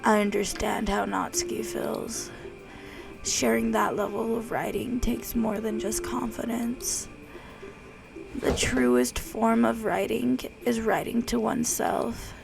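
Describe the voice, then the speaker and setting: A woman doing a soft-spoken bookish teen girl, whispered role-play. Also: fairly high pitch, fairly even intonation, over music, heavily acted, low-quality recording. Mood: soft, earnest. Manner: hushed, breathy and measured.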